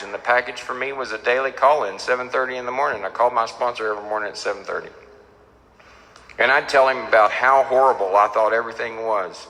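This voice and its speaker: A man's voice: mid-range voice, sharp tone. Man telling his story in a hall. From Texas. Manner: storytelling, repeats phrases, acts out quoted people. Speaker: recovery speaker. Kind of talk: talk at a recovery meeting. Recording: echoey hall.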